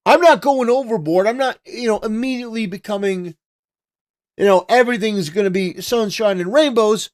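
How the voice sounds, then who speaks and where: A man hosting a political livestream who comments in an excitable, exclamatory way and repeats his phrases for emphasis. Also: high-pitched, moderate pace. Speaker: livestream host.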